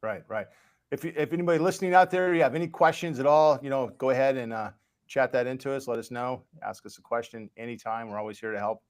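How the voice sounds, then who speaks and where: A man hosting a casual podcast who rambles along, restarting sentences and padding them with fillers. His delivery is relaxed and unscripted. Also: mid-range voice, fast. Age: parent of children. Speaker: podcast host. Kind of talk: casual chat.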